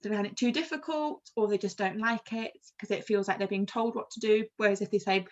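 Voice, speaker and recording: A woman's voice: mid-range voice, steady tone, brisk, highs cut off. A woman with an English accent, a wellbeing practitioner, leads a carers' workshop and explains things in a friendly way with many fillers. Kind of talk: online group workshop talk.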